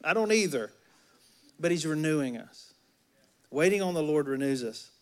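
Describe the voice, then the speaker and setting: A man's voice: fairly high pitch, expressive, normal speed. A man from Alabama with a Southern accent preaching a sermon in a church, folksy and joking with the congregation. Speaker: pastor. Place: church sanctuary.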